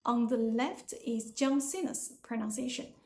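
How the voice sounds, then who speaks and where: Young Chinese-accented woman language teacher, unhurried and deliberate delivery. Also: on the high side, dark tone, roomy sound. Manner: slow, careful, deliberate explanation. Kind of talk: pronunciation lesson.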